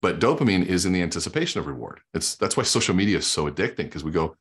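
With a deep, husky voice, this middle-aged guest sales coach talks very fast and very animatedly while drawing on a whiteboard. His energetic explanation of research is packed with emphatic storytelling and quoted dialogue.

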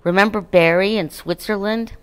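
A woman's voice: mid-range voice, fairly even intonation, normal speed, clean tone, lightly acted. A woman reading Annie, an eager young girl. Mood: cheerful.

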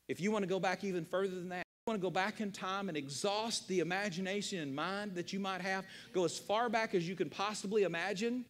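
A man's voice: on the high side, big-room sound. A man preaching a sermon as pastor, emphatic and rhetorical, repeating key phrases and asking questions of his listeners. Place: church sanctuary.

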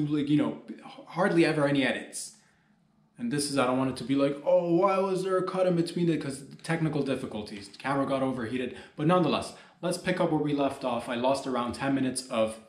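Man, comedy podcast host, loose rambling jokey delivery, mid-pitched, roomy echo. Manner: rambling, jokey, talks straight to listeners. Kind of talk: rambling solo comedy monologue.

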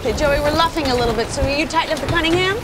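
An actress in her thirties playing a bossy young woman who teaches a friend to sail, coaxing him and then shouting in exasperation. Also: high-pitched, rapid-fire, lightly acted. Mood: exasperated. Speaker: sitcom character. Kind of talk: sitcom acting. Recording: noisy TV soundtrack with studio laughter.

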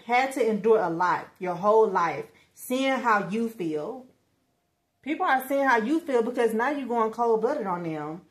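A woman giving a casual tarot reading who talks bluntly and swears a lot, speaking straight to her viewers in slang. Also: a little high. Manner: slangy, emphatic, bursts of laughter. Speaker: tarot reader.

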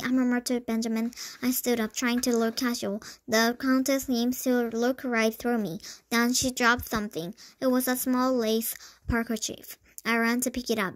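A young woman reads a children's storybook aloud in a slightly high voice. She trips over words now and then and backs up to restart them, keeping an unhurried reading pace. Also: little pitch movement. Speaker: storybook reader.

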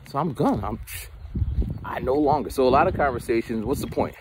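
A man's voice: medium pitch, animated, brisk, background noise. A man talking outdoors in the cold in a casual, rambling monologue, often repeating words. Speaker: vlogger.

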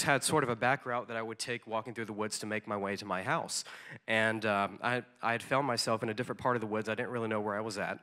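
Bright-voiced man telling a sermon story. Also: on the low side. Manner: conversational, with frequent ums and repeated words. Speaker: conference speaker.

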